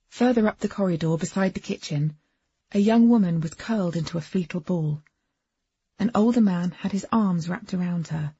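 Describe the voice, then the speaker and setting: Very husky woman narrating. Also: on the low side, dry recording, dull audio. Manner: expressive, lively first-person storytelling. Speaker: audiobook narrator. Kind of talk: first-person audiobook narration.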